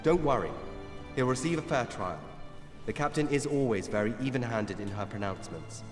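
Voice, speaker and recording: A man voicing a brisk city guard officer who gives orders curtly. His voice is mid-pitched and even. Game music plays clearly under him. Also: close to an everyday voice. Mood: businesslike. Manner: curt, commanding. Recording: game audio with music behind.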